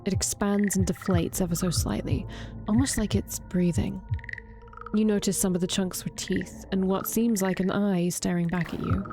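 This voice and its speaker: A woman reading a horror visual novel aloud, drawing out the grisly parts slowly with brief reactions. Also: medium pitch, steady tone, over music. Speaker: streamer reading a game aloud.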